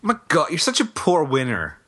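A man's voice: fairly high pitch, huge pitch swings, moderate pace, a bit bright, a little hiss or hum. An Irish man co-hosting a podcast in casual chat, teasing and wry. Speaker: podcast co-host.

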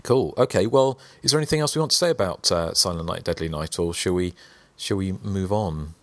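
Very low-voiced podcast host, dry sound. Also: male voice, a little fast, no echo. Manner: hesitant, many fillers. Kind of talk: casual chat.

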